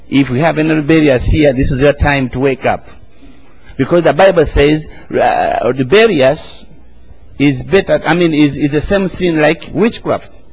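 A man's voice: a little high, vocal fry, slightly rough, low-quality recording. A man, preaching an emphatic sermon and calling the congregation to answer back. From Uganda. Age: 40s.

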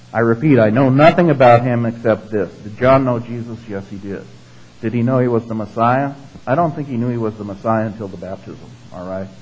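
A man's voice: fairly low pitch, a little mellow, muffled recording, slight background noise. A man preaching a sermon in a conversational teaching manner, asking the congregation questions and tagging his points with "all right?" and "okay?". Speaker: pastor.

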